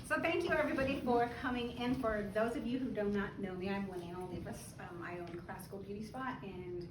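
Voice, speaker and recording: A woman's voice: medium pitch, fast, background noise. A woman who owns a beauty spa, telling a story in an informal talk to a small gathering at her open house, chatty and laughing now and then. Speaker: spa owner and esthetician. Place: room at an open house party. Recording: echoey room from far off, background chatter.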